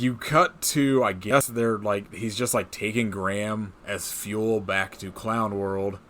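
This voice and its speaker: Laughing, rambling podcast host. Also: male voice, fairly low pitch, fairly bright tone. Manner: rambling, laughing, heavy filler and swearing. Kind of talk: casual chat recapping a movie.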